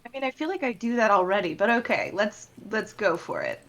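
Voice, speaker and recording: A woman's voice: mid-range voice, animated, fairly quick. A woman playing a tabletop game over an online call, thinking aloud in a hesitant way. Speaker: player. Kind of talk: casual tabletop play.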